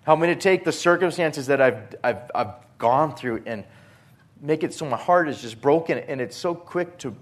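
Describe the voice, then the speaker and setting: Man, pastor, sermon, unhurried, mid-pitched, earnest, repeats words, loud then hushed. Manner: earnest, swings from forceful emphasis to hushed softness; repeats words and restarts phrases.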